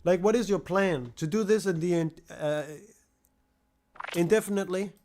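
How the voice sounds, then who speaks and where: A man's voice: sits high, normal speed, a little mellow. A young man livestreaming, ranting in a profane, exasperated way and mocking the people who harass him. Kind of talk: angry rant on a livestream.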